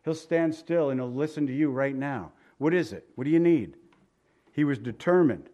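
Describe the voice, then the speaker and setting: A man's voice: a little high, expressive, moderate pace, dark tone. A man preaching a sermon in a folksy, joking way, with asides, repeated phrases and rhetorical questions.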